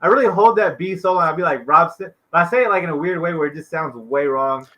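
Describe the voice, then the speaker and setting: A man's voice: fairly high pitch, quick pace, highs cut off, a crowd in the background. A man co-hosting a casual sports stream, talking loosely with lots of filler and trailing off at sentence ends. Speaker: co-host.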